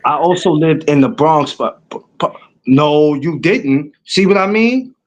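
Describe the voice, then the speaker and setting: A man with a New York accent talks in an easy, slangy way, looping back with asides as he tells stories. His voice sits a little high for a man. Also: lively intonation, measured pace, dull audio. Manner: laid-back street slang, storytelling with repeated asides. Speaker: guest. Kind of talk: casual chat.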